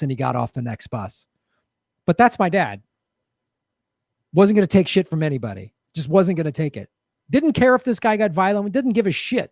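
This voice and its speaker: Middle-aged male host, animated storyteller with a lively, swinging voice, dry close sound, blunt and profane. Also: on the high side, dry recording. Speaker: podcast host. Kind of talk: personal commentary monologue.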